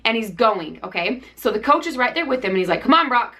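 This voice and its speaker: A woman hosting a DIY channel, retelling a story in a casual, animated way, full of fillers. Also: on the high side, fast. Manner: animated, chatty, lots of fillers.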